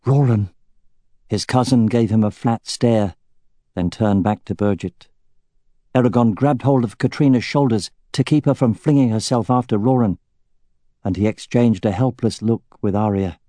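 A man with a fairly low voice narrates an audiobook in an even, measured reading. The recording is dry, with clean studio sound.

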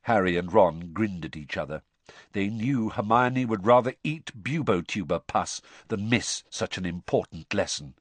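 A man narrating an audiobook in an expressive storytelling manner. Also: on the low side, no room sound. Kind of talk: scripted narration.

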